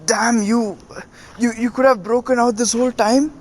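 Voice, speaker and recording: A man's voice: high voice, fairly even intonation, measured pace, a little hiss or hum, voice pushed up. A man voicing a fierce grown male rogue swordsman, with strained, stammering outbursts.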